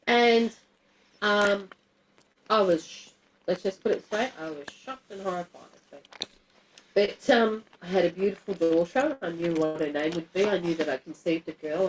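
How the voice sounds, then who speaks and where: A woman's voice: lowish voice, a little hiss or hum, poor audio. A middle-aged woman, telling a personal story to a group in a candid, blunt and emotional way, swearing freely. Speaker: guest telling her story.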